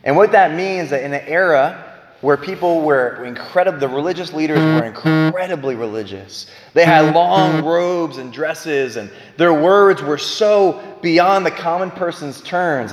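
A man giving a preaching-style Bible talk, emphatic, swinging between loud bursts and quiet low lines. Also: a little slow. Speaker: Bible teacher. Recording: echoey hall with long reverb.

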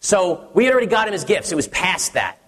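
Pastor guy in his 30s telling a story in a sermon, kinda husky, big echoey hall. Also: high-pitched, fast talker. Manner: conversational storytelling with many restarts, acts out his son's excited voice.

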